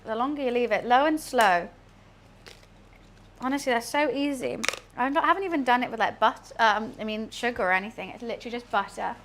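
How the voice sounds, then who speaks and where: A young British woman chatting casually while she cooks on a live stream, answering chat in a deadpan way. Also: on the high side, fairly quick, noisy background. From United Kingdom.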